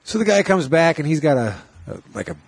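A man's voice: on the high side, big pitch swings, brisk, breathy edge, no room sound. A man hosting a casual podcast chat, rambling through a story and swearing freely. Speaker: podcast host.

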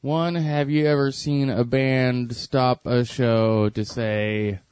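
A man's voice: medium pitch, steady tone, takes it slowly, darkish tone, smooth, dry recording. A man co-hosting a podcast, laid-back and casual, asking rambling questions. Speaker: podcast co-host. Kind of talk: casual chat.

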